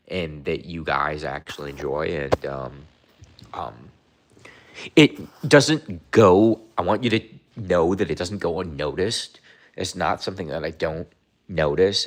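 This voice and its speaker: A young livestream host with a low-sitting, fairly bright voice chats casually with his audience. He rambles and repeats himself, sometimes mocking and confronting viewers.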